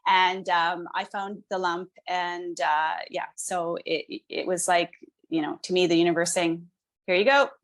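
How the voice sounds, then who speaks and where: A woman's voice: on the low side, flat delivery, a little slow. A middle-aged woman, a podcast guest, talking casually and searching for words with many restarts. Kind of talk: casual interview talk.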